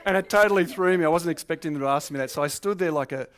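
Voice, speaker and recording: A middle-aged Australian man, a stand-up comedian, telling a true funny story in a lively, animated way. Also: fairly high pitch, racing, slight background noise. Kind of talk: comic storytelling.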